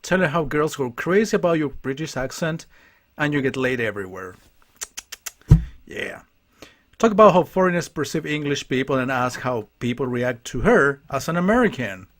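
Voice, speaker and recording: A man's voice: medium pitch, lively intonation, normal speed, fairly bright tone. Brief: male streamer, casual game commentary, crude jokes. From Chile. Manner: crude, joking asides. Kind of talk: casual live gameplay commentary.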